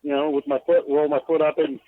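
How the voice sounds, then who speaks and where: Profane glassblower on a tinny phone line. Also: male voice, a little high, expressive, quick pace, vocal fry. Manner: loose, profane, self-deprecating, lots of fillers. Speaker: guest glassblower. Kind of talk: casual podcast interview. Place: inside his bus.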